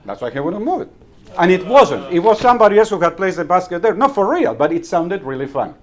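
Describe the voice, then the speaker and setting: A man with a fairly high voice tells funny stories at a club meeting. He acts out the lines of the people in his anecdotes and laughs at his own punchlines. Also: sing-song, fairly quick. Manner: storyteller acting out dialogue, chuckling at his own jokes. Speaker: club member giving a talk. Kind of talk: humorous club speech telling anecdotes. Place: meeting room.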